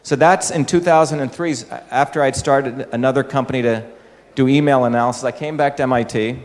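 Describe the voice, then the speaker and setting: A man's voice: medium pitch, steady tone, brisk. Man lecturing in a reverberant hall. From India. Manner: explanatory, with rhetorical questions to the audience. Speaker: speaker addressing an audience. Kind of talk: public talk. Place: large hall with an audience. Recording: echoey hall.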